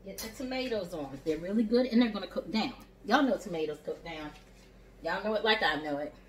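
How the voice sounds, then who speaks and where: A woman's voice: mid-range voice, a little hiss or hum. A woman with a Southern US accent giving a chatty, encouraging cooking demonstration in her home kitchen, calling her viewers y'all and honey. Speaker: home chef. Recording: echoey kitchen, voice from a distance.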